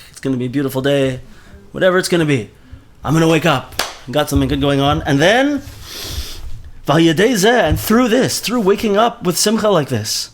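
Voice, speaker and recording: A man's voice: a little high, slight background noise. Man teaching a Torah class. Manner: animated, mixes Hebrew terms into speech, repeats words often.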